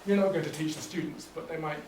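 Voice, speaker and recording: A man leading a teacher workshop, explaining teaching ideas in a relaxed way with fillers and restarts. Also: on the high side, quick pace, slight background noise. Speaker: workshop trainer. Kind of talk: teacher training talk. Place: workshop room. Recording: echoey room, distant mic.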